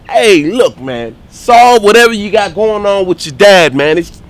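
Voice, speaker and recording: A man acting in a comedy skit, talking excitably and tagging lines with "man". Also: sits high, unhurried. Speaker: comedy sketch creator. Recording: noisy background.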